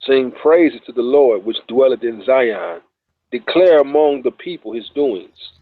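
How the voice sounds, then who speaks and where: A man co-hosting a Bible study, reading scripture slowly and measured, then closing the show in relaxed talk. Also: medium pitch, no echo. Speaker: co-host and scripture reader. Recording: tinny phone line.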